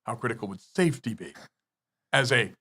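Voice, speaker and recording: A man's voice: mid-range voice, animated, brisk, sharp tone, breathy edge. A man guest on a business podcast, lecturing emphatically through numbered points with frequent swearing. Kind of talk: podcast interview.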